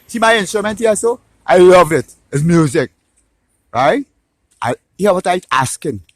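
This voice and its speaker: A Trinidadian man with a high voice rants in a loose, opinionated monologue. He swears freely and keeps tossing in "right?" to check you're with him. The sound is dry and close, with almost no room echo. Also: measured pace. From Trinidad and Tobago. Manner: animated, ranting, swears, tags lines with "right?".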